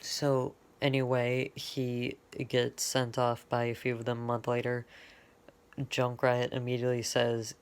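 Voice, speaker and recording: A man's voice: medium pitch, completely flat delivery, unhurried, clear, resonant tone. A man casually retelling his own fan-made story, rambling and stopping often to correct himself. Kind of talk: off-the-cuff fan lore retelling.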